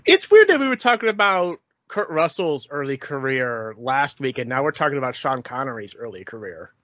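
A co-host of a movie podcast, middle-pitched, trading dry, wry quips. The voice is close with no room echo. The audio is a little dull. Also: very animated, moderate pace, a bit bright. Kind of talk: casual movie chat.

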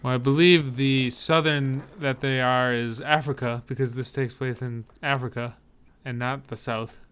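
A man's voice: mid-range voice, steady tone, normal speed, fairly bright tone, smooth. A man co-hosting a casual chat about movie trailers, rambling with hesitant fillers and dry humor. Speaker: podcast co-host.

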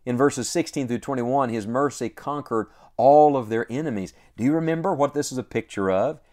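Delivering a devotional sermon in a darkish, mid-range voice, this man speaks with earnest emphasis. He repeats important lines and stretches their endings out slowly.

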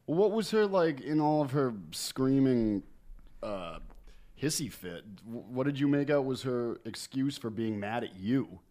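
A man's voice: mid-range voice, big pitch swings, a little slow, warm tone. A man from New hosting a casual podcast chat, asking many curious follow-up questions. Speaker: podcast host.

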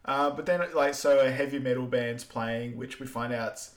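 A relaxed man chats about a film with amused, slangy asides. His voice sits in a middling pitch. The room around him rings with a noticeable echo. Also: normal speed. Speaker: podcast co-host. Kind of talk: casual movie recap chat. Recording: roomy echo.

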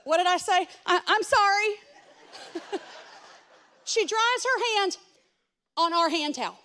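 A woman pastor, preaching a sermon through a lively, self-mocking story, acting out what people said. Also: very high-pitched, a little slow. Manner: animated, self-mocking storyteller who acts out quotes.

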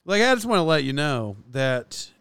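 Forties guy rambling on his podcast, kinda high voice, smooth and dry, laughs at himself a lot. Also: sing-song, moderate pace, a bit bright, no room sound. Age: 40s. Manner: self-deprecating, chatty, many fillers and restarts. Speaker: podcast host. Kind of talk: casual rambling monologue.

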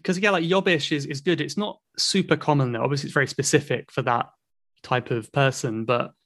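A man's voice: on the high side, fairly even intonation, fairly quick, fairly bright tone. A British man, an English teacher, speaking as a guest in an interview in a modest, self-deprecating way. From United Kingdom. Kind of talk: casual interview chat.

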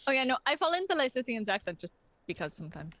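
A woman's voice: sits high, very animated, fast, a bit bright, no room sound. Rambling woman, dry close sound. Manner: rambling, many "like" fillers. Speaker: tabletop game player. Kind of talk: casual chat.

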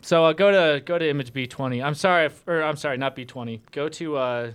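A man hosting a talk show, sarcastic and excitable, directing the producer from a studio mic. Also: a little high, fast talker, clean tone. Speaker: show host. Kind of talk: mocking political talk show.

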